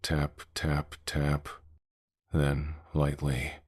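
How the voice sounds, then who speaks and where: Very deep, slow male horror narrator. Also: completely flat delivery, slightly rough, dry recording, clean studio sound. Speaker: horror storyteller.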